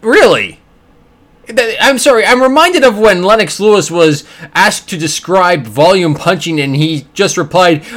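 A man hosting a podcast, giving sarcastic, animated commentary with quick character bits. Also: high voice. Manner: sarcastic, animated, does voices. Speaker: podcast host. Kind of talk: casual commentary.

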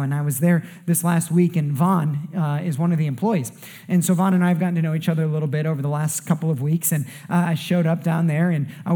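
High-voiced man preaching a sermon. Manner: storytelling with rising excitement and frequent "okay?" asides. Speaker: pastor. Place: church service.

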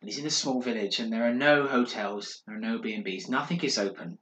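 A man on a podcast telling a ghost story in a dramatic, hushed way, building suspense. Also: mid-range voice, fairly quick. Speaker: podcast co-host. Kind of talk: casual storytelling. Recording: roomy echo.

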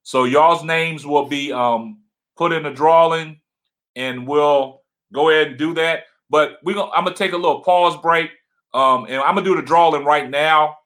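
A man with a deep voice, loud and passionate, casually chatting as co-host of a livestream from his home. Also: normal speed.

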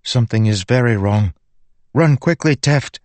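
A man's voice: on the low side, unhurried, darkish tone, no room sound, close to an everyday voice. Man voicing a solemn glowing female spirit. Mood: urgent.

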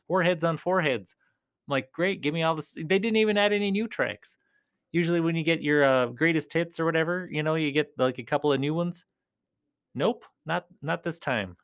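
A man's voice: on the high side, a bit bright, smooth. A man chatting casually to his viewers while playing a rock video game, joking, self-deprecating and drifting between topics. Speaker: video creator.

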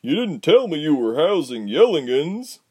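A man's voice: a little high, big pitch swings, normal speed, slightly rough, pitched above the performer's own voice. A man voicing a boisterous tavern guest who calls out mocking remarks in a storybook. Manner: loud, mocking.

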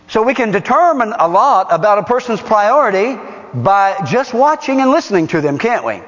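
A man preaching a sermon as pastor, emphatic and firing rhetorical questions at his congregation. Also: high-pitched. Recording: dull recording with long hall reverb.

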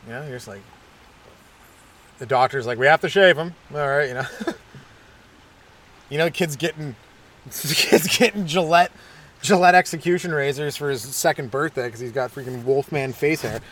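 Rambling hyperactive comedian. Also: male voice, mid-range voice, moderate pace, long pauses, a bit bright. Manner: rambling, self-deprecating, hyperactive. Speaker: stand-up comedian and podcast host. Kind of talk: stand-up style comic monologue.

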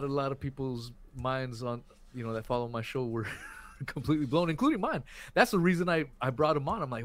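A man hosting a podcast in casual chat, rambling, repeating words and dropping "man" and "dude". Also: medium pitch. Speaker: podcast host.

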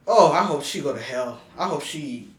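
A young man hosting a casual podcast, talking bluntly and emphatically in a fairly high voice. His pitch swings widely. The room around him rings with echo. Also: animated, moderate pace. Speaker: podcast host. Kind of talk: casual chat. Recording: echoey room.

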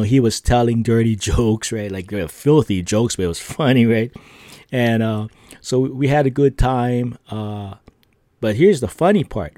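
Mellow-voiced man telling a rambling story. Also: on the low side, no room sound, clean studio sound. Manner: rambling, full of fillers and tag questions; laughs between lines. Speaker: podcast host. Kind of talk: casual storytelling.

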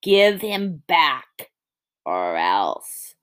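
A woman voicing a cold, creepy ghost girl in a spooky story she reads aloud, dropping her voice low and slowing down. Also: sing-song, a bit bright, heavily acted. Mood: menacing.

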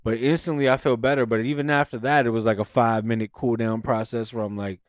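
A man's voice: mid-range voice, fast, no room sound. Man, casual storyteller, swears a lot, dry close sound. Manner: profane, animated storyteller.

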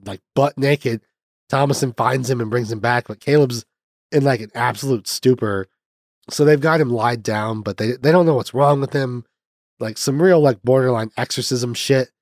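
A man hosting a podcast, giving a loose, profane recap of a film's plot. His pitch sits in an ordinary middle range, and he keeps breaking off to chuckle at his own asides. The recording is dry and close, with no room sound. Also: darkish tone, no room sound. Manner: rambling, profane, laughs at his own jokes. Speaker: podcast host recapping a film. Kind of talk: casual movie recap.

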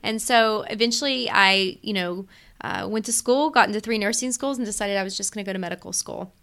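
A woman in her thirties with an Appalachian accent, a physician guest chatting in a friendly, relaxed way. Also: mid-range voice, brisk, creaky, clean tone. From West Virginia. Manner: friendly, relaxed, with frequent fillers. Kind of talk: casual interview talk.

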